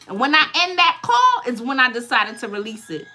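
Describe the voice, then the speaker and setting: A woman's voice: high-pitched, big pitch swings, fairly quick, bright, forceful tone, a little hiss or hum. A woman in her fifties, a tarot reader hosting casual advice talk, emphatic and always asking if you follow. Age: 50s.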